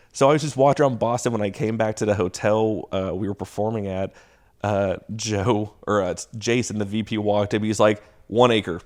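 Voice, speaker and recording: Laughing, animated male comedian telling stories. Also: on the low side, moderate pace. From Texas. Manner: animated, laughs while telling stories, acts out quoted voices. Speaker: stand-up comedian guest. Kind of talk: casual storytelling chat.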